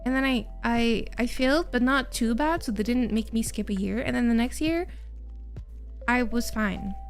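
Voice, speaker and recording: High-voiced young woman with a mild Quebec French accent. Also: normal speed, soft background music. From Quebec, Canada. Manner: chatty, laughs often, trails off and restarts. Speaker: streamer. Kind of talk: casual chat with viewers.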